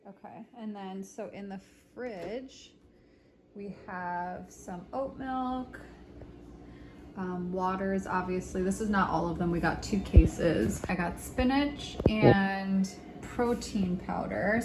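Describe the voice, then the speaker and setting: A woman's voice: mid-range voice, slow. A woman in her thirties, a mother vlogging from a vacation rental kitchen, talking casually and rambling a bit with fillers as she shows her groceries. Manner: chatty, loose and rambling with fillers. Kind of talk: casual chat, showing groceries. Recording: echoey kitchen with background noise.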